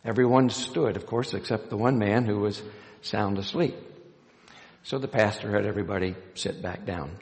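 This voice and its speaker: A man's voice: on the low side, moderate pace, a little mellow. A man reading scripture aloud and then preaching a sermon as pastor, telling stories and acting out the quoted lines. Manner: storytelling, acts out quoted lines with a raised voice; hesitant restarts with uh. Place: church sanctuary. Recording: long reverb of a church hall.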